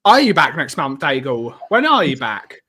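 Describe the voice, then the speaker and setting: A man's voice: on the high side, big pitch swings, normal speed, pushed and bright, breathy edge. A man joining a casual football podcast chat, joking and offhand.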